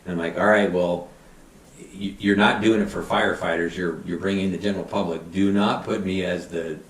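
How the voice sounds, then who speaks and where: A middle-aged man, a fire battalion chief, telling animated anecdotes and acting out quotes in a casual interview. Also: low-pitched, fairly quick. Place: podcast studio. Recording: roomy, somewhat distant mic.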